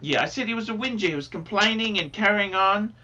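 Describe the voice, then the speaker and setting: A man's voice: high-pitched, fast, sharp tone, highs cut off. A man hosting a livestream, chatting casually and reading out donations, rambling and swearing freely. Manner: rambling, effusive, swears often. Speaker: livestream host.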